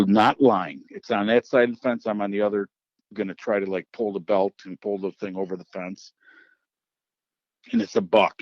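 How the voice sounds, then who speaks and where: A middle-aged man from Wisconsin spins a wild tale in loose, animated chat, swearing freely and acting out every line of dialogue. His voice sits a little low, and the dry recording sounds slightly muffled. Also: dry recording. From Wisconsin, United States. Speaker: podcast host. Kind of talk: casual storytelling.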